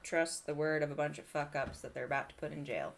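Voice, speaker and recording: A woman's voice: deep voice, fairly even intonation, fast talker, vocal fry, a little hiss or hum. A woman playing in a tabletop game, talking in character in a joking, rambling way. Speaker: player.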